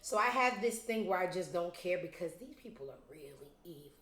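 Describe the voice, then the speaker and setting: A woman's voice: fairly low pitch, animated, fairly quick, fairly bright tone, reverberant. A woman hosting a casual commentary show, blunt, profane and sarcastic, talking straight to her viewers. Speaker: show host.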